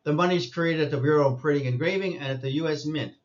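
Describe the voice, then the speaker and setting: A man's voice: fairly high pitch, rapid-fire, dull audio. A man giving an insistent lecturing monologue, repeating his points and scolding listeners. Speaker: commentator.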